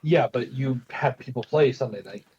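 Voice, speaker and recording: A man's voice: medium pitch, normal speed, a little mellow, muffled recording. A man co-hosting a casual podcast, teasing his friends and laughing often. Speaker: podcast co-host. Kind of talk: casual chat among friends.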